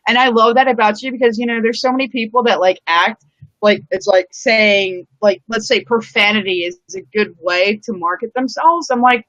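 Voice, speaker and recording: A woman's voice: fairly high pitch, moderate pace, a bit bright, no room sound. A woman hosting a live-streamed chat outdoors, talking in a rambling, casual way full of "like" and "you know", with the odd swear word. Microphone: live-stream setup. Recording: dull, dry lo-fi sound.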